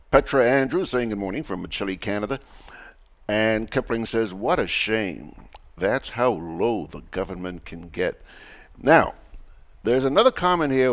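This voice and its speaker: A Grenadian man hosts a live morning program, chatting through viewer comments with playful, emphatic asides. He speaks slowly and his pitch swings widely. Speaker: show host reading viewer comments. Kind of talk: casual live chat.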